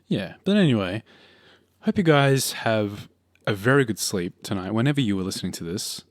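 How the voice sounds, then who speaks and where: A man's voice: on the low side, lively intonation, normal speed, no echo, studio quality. A man co-hosting a podcast, rambling and joking in a laid-back, casual chat. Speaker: podcast co-host.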